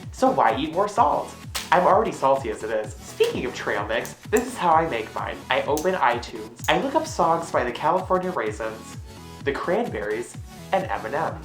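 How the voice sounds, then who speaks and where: A hyper, sassy woman rambling through a random comedic vlog, her low voice swinging wildly and jumping into shrill squeals. She sounds like she is in an echoey room with faint music behind her. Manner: hyper, sassy, bursts into loud squealed exclamations. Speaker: vlogger. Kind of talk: random comedic monologue to camera.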